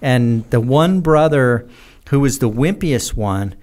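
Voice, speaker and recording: American guy spinning wild stories, lots of uh and you know, mid-pitched voice. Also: takes it slowly. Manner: rambling, animated anecdotes with many fillers and laughs. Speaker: guest. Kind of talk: casual storytelling in a podcast interview.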